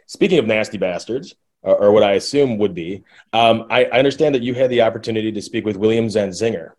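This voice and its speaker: A male podcast host with a fairly low voice. He asks his questions haltingly, circling back with fillers and restarts before he gets to the point. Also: a little mellow. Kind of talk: conversational interview.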